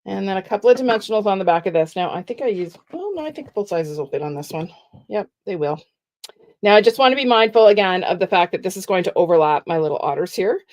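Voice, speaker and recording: A middle-aged woman giving a chatty, step-by-step live craft tutorial with soft asides. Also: mid-range voice, lively intonation, fast. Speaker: card-making demonstrator.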